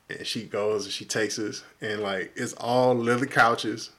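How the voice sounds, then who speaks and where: A podcast co-host with a lowish voice tells a story a little slowly during a casual storytelling chat. He keeps it loose and profane, animatedly acting out the people in it with quoted voices.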